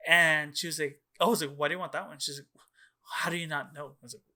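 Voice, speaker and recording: A young man tells a story on a casual podcast, rambling and loose, with plenty of "like" and "dude" and frequent swearing. His voice is bright and forceful, sitting a little higher than most men's. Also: fairly even intonation, quick pace, a little hiss or hum. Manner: rambling, profane, many "like"s and "dude"s. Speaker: podcast co-host.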